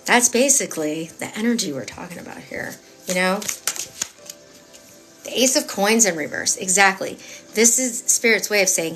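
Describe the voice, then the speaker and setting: A woman's voice: mid-range voice, expressive, normal speed, a bit bright, faint music behind. A woman giving a live-stream tarot reading in a chatty, emphatic, rambling way with many fillers. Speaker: tarot reader.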